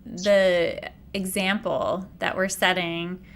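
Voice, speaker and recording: A woman's voice: lowish voice, flat delivery, slow, a bit bright. A woman hosting a podcast, talking in a reflective, affirming way in casual conversation. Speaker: podcast host.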